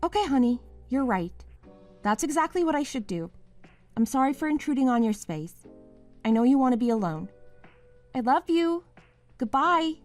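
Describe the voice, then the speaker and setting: A woman's voice: high-pitched, big pitch swings, moderate pace, pauses often, a little mellow, soft background music. A woman voicing a wife named Mia in a scripted drama, pleading at first and then sharply accusing her husband. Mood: soothing.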